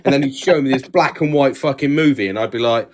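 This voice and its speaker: A man's voice: mid-range voice, fast talker, a little mellow. A man in his forties, co-hosting a casual chat with sweary, laddish banter. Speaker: podcast co-host.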